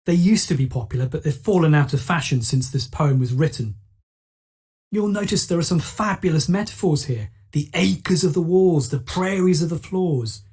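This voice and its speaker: Woman, teacher narrator, soft mellow tone with a husky edge, clear explanatory delivery. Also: deep voice. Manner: clear explanatory, rhetorical questions. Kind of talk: scripted lesson narration.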